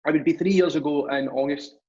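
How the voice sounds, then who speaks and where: A man's voice: fairly high pitch, fairly even intonation, quick pace, darkish tone, slightly rough. Chatty young man, muffled recording. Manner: chatty, rambling, acts out dialogue. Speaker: podcast guest. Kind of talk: casual storytelling.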